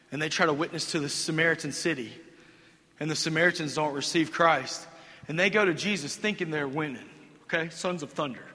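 Male pastor preaching; bright, forceful delivery, swings from hushed to shouting. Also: on the high side. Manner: emphatic, animated, acts out quotes, shifts between hushed and shouted. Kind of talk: sermon. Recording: echoey hall.

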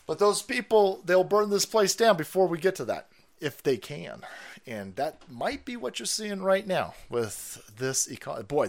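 Middle-aged guy ranting on his livestream, foul mouth, kinda high voice, laughs a lot. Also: gravelly, fairly bright tone. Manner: profane and combative, laughs often. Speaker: livestream host. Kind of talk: political livestream rant.

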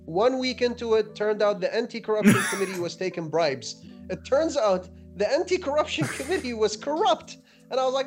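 A man from Iraq, a physician guest, telling stories in an animated, wry podcast chat. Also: sits high, brisk, soft background music. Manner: animated storyteller with wry humor. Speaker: guest, physician and anatomy teacher.

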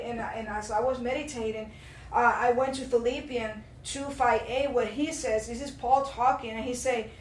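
A woman with a fairly high voice gives an earnest, impassioned testimony in a church hall. She is picked up from some distance, so the sound is roomy and echoing. A faint hum sits underneath. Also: steady tone, moderate pace. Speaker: church speaker. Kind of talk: sermon-style testimony.

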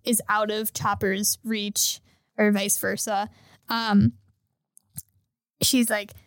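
A woman's voice: mid-range voice, level tone, slow pace, fairly bright tone, no echo, clean studio sound. A young adult woman hosting a podcast, animatedly retelling an anime story in casual chat, swearing and laughing as she goes.

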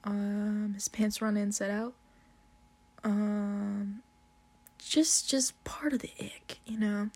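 A woman's voice: medium pitch, steady tone, a little mellow. A young woman telling a casual, profanity-laced story, laughing often as she talks. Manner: slow, drawn-out delivery with frequent swearing and laughter.

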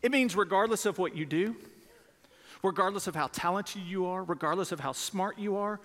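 High-voiced pastor in reverberant hall. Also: male voice, moderate pace, fairly bright tone. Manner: emphatic, repeats key words, calls for responses. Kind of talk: sermon to families and children. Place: church sanctuary.

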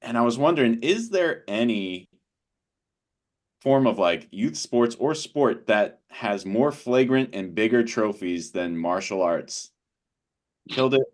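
A man's voice: mid-range voice, animated, unhurried. A man co-hosting a casual podcast chat, rambling with many fillers. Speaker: podcast co-host.

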